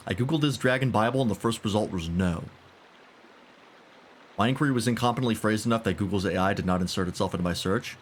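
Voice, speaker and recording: A man's voice: fairly low pitch, quick pace, a little hiss or hum. A man giving casual, irreverent let's-play commentary while playing a game. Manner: joking, irreverent. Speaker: gaming streamer. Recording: game music behind voice. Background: game music.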